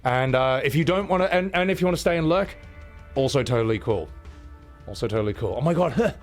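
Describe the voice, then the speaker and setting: A man's voice: medium pitch, animated, fast, soft background music. A man in his thirties chatting casually and animatedly on a live game stream, laughing often. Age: 30s.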